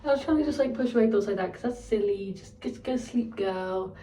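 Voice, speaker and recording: A young woman tells a story in a candid, sweary rant, her voice sitting at a middle pitch. She sounds a little set back from the mic, in a room with a noticeable echo. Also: fairly quick, warm tone, far from the mic, slight background noise. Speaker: vlogger. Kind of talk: casual storytelling.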